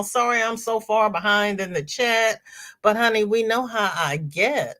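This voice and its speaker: A middle-aged woman hosting a casual crochet livestream, reading viewer comments aloud and chatting warmly with her audience, calling them "girl" and "honey" amid frequent ums and restarts. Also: medium pitch, normal speed.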